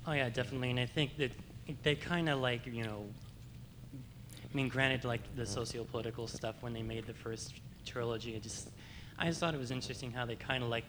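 A man's voice: medium pitch, steady tone, fairly quick, noisy background. A man from the audience offering a comment at a fan panel, speaking hesitantly with many "like"s and "um"s. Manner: hesitant, full of "like" and "um". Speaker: audience member.

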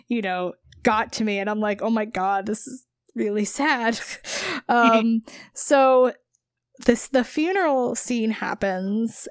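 A woman's voice: a little high, dry recording, studio quality. A woman co-hosting a casual book-club podcast, telling stories with lots of fillers and laughs. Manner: laughs often, meandering with fillers. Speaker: podcast co-host.

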